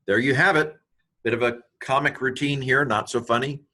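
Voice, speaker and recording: A man's voice: mid-range voice, normal speed, bright, forceful tone. A man teaching Greek in an informal walkthrough, thinking aloud as he parses each word with frequent ums and asides, delighted by small grammar finds.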